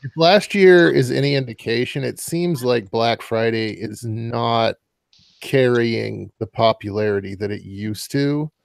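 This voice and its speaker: A man in a casual group video chat, speaking in a hesitant, measured way. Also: medium pitch, creaky, dry recording.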